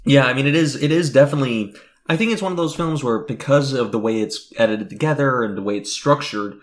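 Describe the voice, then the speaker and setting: A man co-hosting a film podcast in casual chat, jokey and animated, bursting into loud mock outrage. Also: medium pitch, fast. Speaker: podcast co-host.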